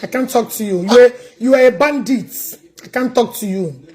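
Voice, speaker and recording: A woman's voice: on the high side, normal speed, a little mellow, slightly rough. A Nigerian woman with a Nigerian accent hosting a livestream, talking bluntly and scolding a caller over a phone mic. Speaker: livestream host. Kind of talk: casual livestream chat.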